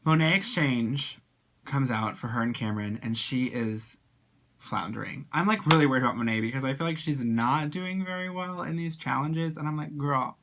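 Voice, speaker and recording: Bright, excitable drag performer gushing. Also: normal speed. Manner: animated, gushing, slangy, bursts into high excited exclamations. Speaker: drag performer reviewing TV episodes. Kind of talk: casual video review.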